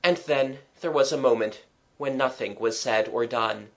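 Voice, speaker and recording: A narrator reading a children's audiobook in slow, expressive storytelling. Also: medium pitch. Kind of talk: scripted narration of a children's book.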